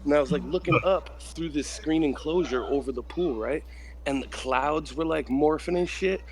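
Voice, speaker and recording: A man's voice: fairly high pitch, moderate pace, noisy background. A young man telling a long story in casual group chat, rambling with lots of "like" and swearing. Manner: rambling, heavy use of "like" and swearing.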